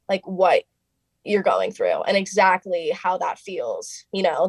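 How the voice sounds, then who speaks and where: A young woman, a singer being interviewed, telling her story in a chatty casual way, full of "like" and quick quoted asides. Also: fairly low pitch, no echo. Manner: chatty, fillers of "like" throughout, quoting others in lively bursts.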